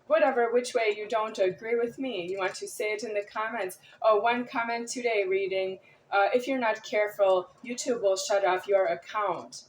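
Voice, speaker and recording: A woman's voice: mid-range voice, moderate pace, few pauses, distant mic, a little hiss or hum, rough recording. A woman vlogger talking to the camera in a rambling, repetitive, agitated monologue.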